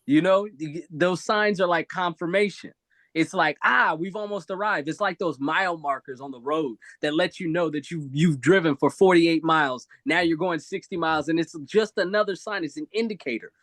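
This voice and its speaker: Expressive man giving motivational advice. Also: fairly high pitch, moderate pace, no echo. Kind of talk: live video-call talk show. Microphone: video call.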